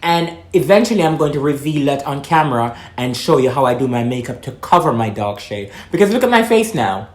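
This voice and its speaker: A woman's voice: brisk, few pauses. Outspoken woman from Jamaica, echoey room. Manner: blunt, outspoken, swears freely, lively swings in pitch. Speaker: vlogger. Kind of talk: casual monologue to camera. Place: room with echo, eating while talking.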